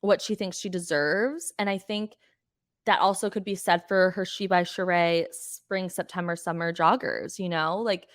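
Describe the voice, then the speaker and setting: Low-voiced woman ranting about reality TV. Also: steady tone, normal speed, no echo, clean studio sound. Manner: chatty, exasperated, swears freely. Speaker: podcast host. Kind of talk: casual reality TV recap.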